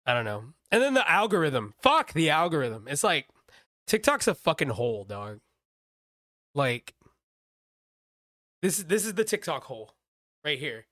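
Lively, laughing podcast guy, dry sound. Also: fairly high pitch, unhurried, long pauses, no room sound. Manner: rambling, profane, laughs often. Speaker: podcast co-host. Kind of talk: casual chat.

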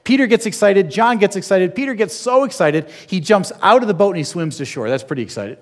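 Slightly high-voiced male preacher. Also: lively intonation, a little fast. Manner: storytelling with rhetorical questions to the audience. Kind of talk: sermon.

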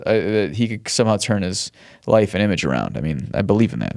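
A man's voice: lowish voice, lively intonation, quick pace, creaky, a little mellow, no room sound, studio quality. A man hosting a podcast alone, rambling casually, swearing and restarting his sentences, often chuckling between thoughts. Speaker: podcast host. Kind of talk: casual solo monologue.

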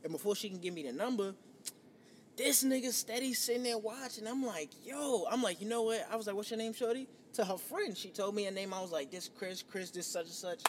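A man in his thirties from New York, hosting a casual podcast and telling a profane, animated story. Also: high voice, brisk, long reverb tail, slight background noise. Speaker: podcast host.

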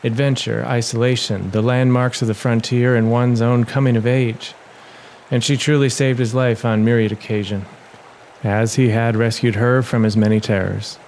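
A man giving a measured, dramatic reading as the narrator of his own audio adventure story, in a noisy home recording. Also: mid-range voice, level tone, a little mellow. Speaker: storyteller and writer.

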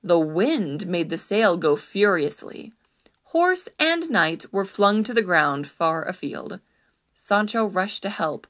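A woman narrating a storybook in an expressive, animated storytelling manner. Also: fairly low pitch, takes it slowly.

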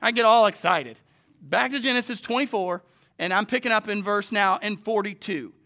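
A man preaching a sermon who tells stories quietly, then builds to loud, passionate proclaiming. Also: sits high, normal speed. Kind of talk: sermon with storytelling.

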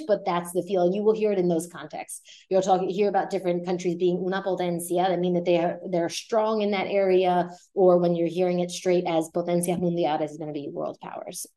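A woman hosting a casual vocabulary lesson in a chatty way, often slowing down to repeat words and model their pronunciation. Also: on the low side, steady tone, dark tone. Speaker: language teacher and podcast host. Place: Puerto Rico.

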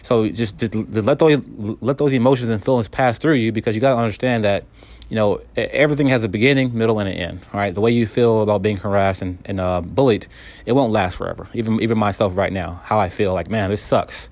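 A man giving a calm, earnest self-help talk straight to the listener, with frequent restarts and repeated words. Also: lowish voice, fast, no room sound. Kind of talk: candid self-help monologue.

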